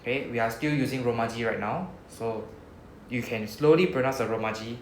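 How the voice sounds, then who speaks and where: A man's voice: mid-range voice, a little fast, echoey room, slight background noise. A man with a Singaporean English accent teaching a Japanese class in a chatty, casual way, drawing out sounds as he models words.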